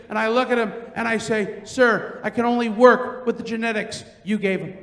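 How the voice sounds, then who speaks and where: A middle-aged man performing a stand-up comedy set, telling loud, animated stories and acting out the quotes. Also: sits high, moderate pace. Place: large theater stage. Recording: roomy theater with long reverb.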